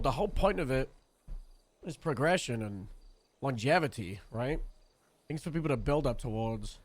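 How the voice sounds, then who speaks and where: A man's voice: mid-range voice, lively intonation, moderate pace, long pauses. A man streaming a role-play game, chatting casually in a rambling, profane way. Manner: laid-back, rambling, profane.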